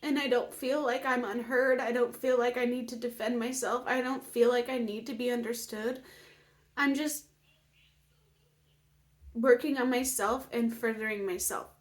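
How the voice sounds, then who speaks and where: This is a casual personal vlog in which a woman, her voice a little high, talks about healing at a moderate pace with fairly even intonation. She is emotional and near tears, with frequent fillers and occasional whispered moments.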